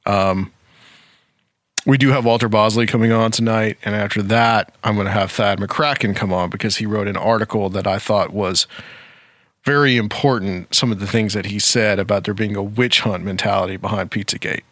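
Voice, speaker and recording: A man's voice: on the low side, fairly even intonation, moderate pace, a bit bright, no echo, studio quality. A man hosting a talk show, speaking casually and rambling with frequent fillers. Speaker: podcast host.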